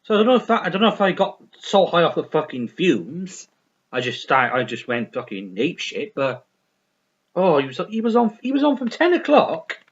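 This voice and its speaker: A man's voice: a little high, sing-song, moderate pace. A man chatting casually about records he bought, rambling and repetitive, swearing freely and full of enthusiasm, on a lo-fi recording. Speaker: vinyl record reviewer. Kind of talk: casual unscripted chat.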